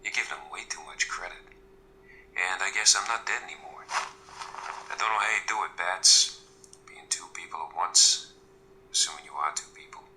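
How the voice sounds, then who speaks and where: A wry district attorney, played by a man, speaks in a pragmatic, dry way. His voice is fairly low and sounds bright and forceful. Faint noise sits behind the audio drama. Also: moderate pace, long pauses, poor audio.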